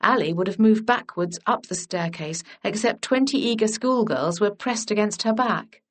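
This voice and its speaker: A woman narrating a historical romance audiobook in a gentle, measured storytelling manner. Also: mid-range voice.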